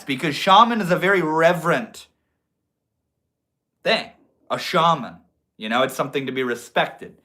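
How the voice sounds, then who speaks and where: A man's voice: medium pitch, bright, forceful tone. A young man hosting a livestream, chatting casually with viewers in a laid-back, slangy way. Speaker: livestream host.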